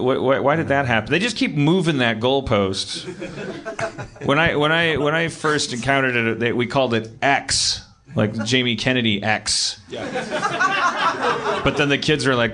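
A male comedy host rambles through ironic jokes at a middle pitch. His voice sits in a live room with a clearly audible crowd. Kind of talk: improv comedy banter.

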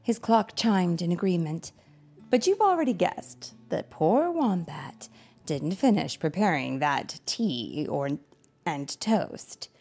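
A woman reads a picture book aloud in an expressive storytelling voice. Her slightly low voice rises and falls widely. She takes a slow pace and adds chatty asides. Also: gravelly, faint music behind.

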